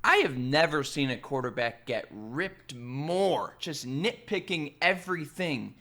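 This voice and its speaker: A man who works as a sports radio producer, giving an animated, emphatic opinion rant with quick asides. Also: a little high. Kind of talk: casual opinion rant to camera.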